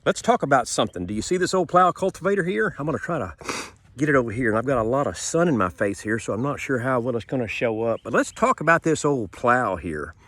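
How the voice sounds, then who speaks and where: A homesteading vlogger with a stuffy, sniffling nose rambles folksily outdoors in a sunny garden yard, filmed on a handheld phone, and repeats himself. His voice is medium-pitched, sing-song and fairly bright, and he talks quickly.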